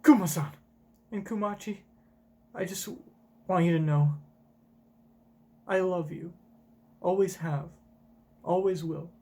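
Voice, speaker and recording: A man voicing a dying young woman, speaking softly and pleadingly. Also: sits high, takes it slowly, long pauses. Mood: loving.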